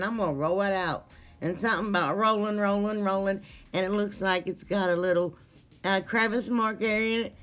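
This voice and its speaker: A woman's voice: medium pitch, fairly bright tone. A woman narrating her crafting vlog casually, apologetic and laughing at herself as she rambles. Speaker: DIY crafting vlogger.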